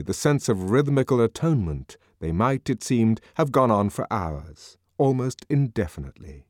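A man's voice: on the low side, a little mellow, no echo, studio quality. A man reading a novel aloud as narrator, in a dramatic, varied manner. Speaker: audiobook narrator. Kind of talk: scripted narration.

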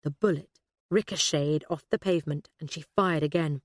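A woman narrating an audiobook thriller in a steady, measured way. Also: low voice, no echo, studio quality.

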